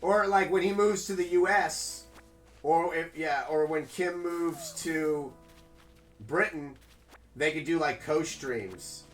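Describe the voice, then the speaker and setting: A male streamer chatting loosely with his viewers while he plays, rambling from one thought to the next. His voice sits a little high. Faint music runs quietly underneath. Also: takes it slowly. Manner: rambling, chatty, talks to chat. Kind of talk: casual live-stream chat while gaming.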